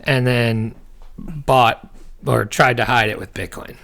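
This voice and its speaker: A man's voice: mid-range voice, steady tone, slow pace, gravelly, fairly bright tone. A man co-hosting a podcast, chatting casually with crude, joking banter. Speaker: podcast co-host. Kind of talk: casual chat.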